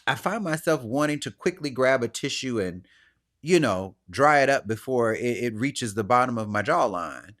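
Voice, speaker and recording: A man's voice: mid-range voice, normal speed. Earnest man thinking aloud as host. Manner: earnest, searching, self-questioning; animated, acts out other people's voices. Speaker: podcast host. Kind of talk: personal reflective monologue.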